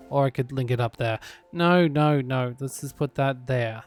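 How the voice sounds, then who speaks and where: A man giving relaxed gameplay commentary, muttering to himself with dry, sarcastic asides. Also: medium pitch. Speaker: gaming YouTuber.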